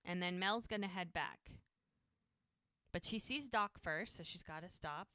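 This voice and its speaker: A woman's voice: fairly low pitch, unhurried, sharp tone, no room sound. A woman co-hosting a podcast, retelling a TV episode in casual chat and acting out the characters' lines. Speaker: podcast co-host.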